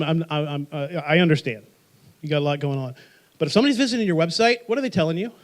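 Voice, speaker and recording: High-voiced, lively male workshop presenter. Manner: energetic, joking, quizzes the audience with rhetorical questions. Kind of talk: live presentation to an audience.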